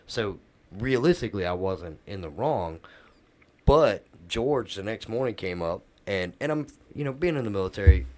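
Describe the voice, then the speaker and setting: A man's voice: lowish voice, animated, normal speed, mellow. A middle-aged man, a podcast co-host, telling a workplace story in casual chat and acting out the quoted dialogue.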